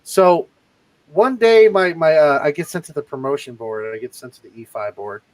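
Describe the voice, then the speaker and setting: On a livestream, a man who co-hosts and served in the army chats casually through his service stories, cursing liberally and performing each quoted voice with animation. His pitch sits fairly high and his speed is normal, captured in a dry recording with poor audio.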